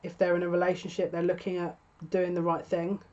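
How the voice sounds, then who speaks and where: A woman talks through a tarot spread, musing and hesitant, often restarting her sentences. Her voice sits low and stays level, with little rise and fall. The recording sounds dull and lo-fi. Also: completely flat delivery, brisk, a little mellow. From United Kingdom. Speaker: tarot reader. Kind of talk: tarot reading monologue.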